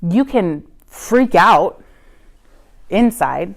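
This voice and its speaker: A woman's voice: mid-range voice, animated, very slow, gravelly. A woman who is a student pastor, teaching parents in a church class in an earnest, coaching way and often checking in with "right?".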